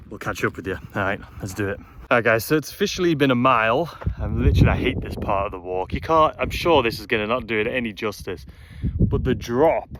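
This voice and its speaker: A man with a fairly low voice vlogs on a windy mountain trail, slightly out of breath, narrating in a chatty, frustrated, self-deprecating way. He holds a phone camera while walking, and faint wind noise comes through outdoors.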